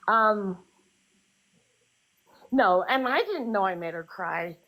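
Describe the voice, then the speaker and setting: A woman's voice: mid-range voice, unhurried, pauses often, fairly bright tone, rough recording. A woman in a casual live group chat, talking in a flustered, apologetic way with many restarts. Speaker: live stream guest.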